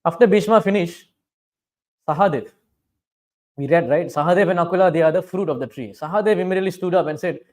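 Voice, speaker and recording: A man's voice: high-pitched, fast, long pauses, darkish tone. A man teaching a scripture class, reciting Sanskrit verses and explaining them in English, often checking in with listeners and growing fervent when he denounces critics. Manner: checks in with listeners, asking "right?". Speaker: spiritual teacher lecturing on scripture.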